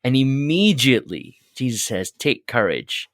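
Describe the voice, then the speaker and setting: A man co-hosting a podcast, explaining scripture in an animated, conversational way with frequent restarts and laughs. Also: mid-range voice, unhurried, no echo. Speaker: podcast co-host. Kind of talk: conversational Bible discussion.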